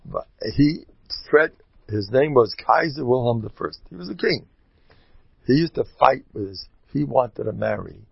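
Gravelly man rambling through a sermon. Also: medium pitch, measured pace, dry recording. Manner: rambling, animated storyteller. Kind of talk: sermon with storytelling. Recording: dull lo-fi dry recording.

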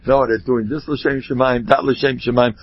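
A man tells Torah stories in a loose, rambling way, full of animated asides. His voice is husky. The recording is dry and dull, with a lo-fi sound. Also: medium pitch, moderate pace, no room sound. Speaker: rabbi giving a talk. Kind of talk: informal Torah talk with stories.

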